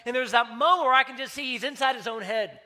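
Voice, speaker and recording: A man's voice: very high voice, fast talker, pushed and bright. A man preaching a sermon as pastor, talking in a conversational way and telling stories with acted-out dialogue.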